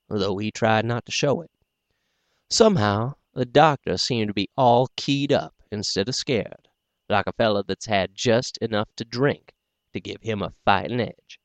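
A man narrating a folksy first-person story in a plain, unhurried way for an audiobook. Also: medium pitch, no echo, highs cut off.

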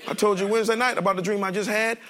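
A male pastor preaching a sermon in a lively, joking way, speaking straight to the congregation. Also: high voice, racing. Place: church sanctuary.

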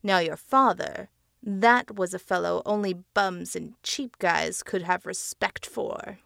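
A woman's voice: lowish voice, steady tone, slow pace, creaky, fairly bright tone, no room sound, studio quality, exaggerated voice. A woman voicing a grotesque, greedy old man's face that leers and growls demands. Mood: sneering.

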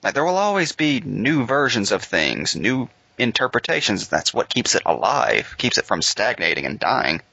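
Bright-voiced sardonic young man, dry and muffled. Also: medium pitch, sing-song, moderate pace, gravelly, few pauses, husky, no echo. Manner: sardonic, mock-quoting others. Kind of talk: casual group chat.

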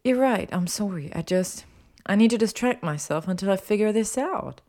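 Woman reader doing a sharp, insistent young witch, pitched up from the narration. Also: animated, moderate pace, natural voice. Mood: testy. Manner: pointed, questioning and insistent. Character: sharp, clever young witch, curious and testy. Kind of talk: audiobook character voice.

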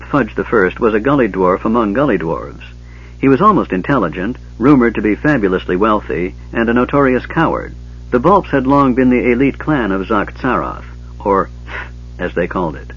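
A man reads fantasy narration in a low voice with a husky grain, keeping a measured, steady pace. The sound is dull and lo-fi, like an old audiobook recording. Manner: measured, even storytelling.

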